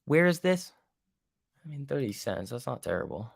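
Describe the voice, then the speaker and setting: A man's voice: mid-range voice, big pitch swings, normal speed, gravelly, no echo, studio quality. A man hosting a live trading stream, talking loosely and thinking aloud as he reads the market, with the odd swear word. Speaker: stock trading stream host. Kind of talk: casual live market commentary.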